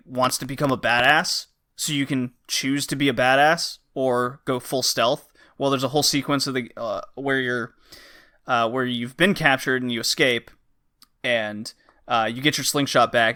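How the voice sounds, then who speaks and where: A man hosts a casual game podcast, rambling through reviews of recent releases with frequent uh and um and acting out lines from the games. His voice is medium in pitch, pushed and bright.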